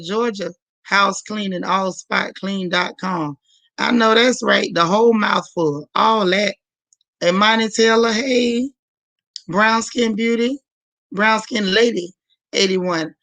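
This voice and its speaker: A hoarse woman hosting a livestream in casual chat, warmly greeting viewers by name one after another. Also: mid-range voice, no room sound, rough recording. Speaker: livestream host.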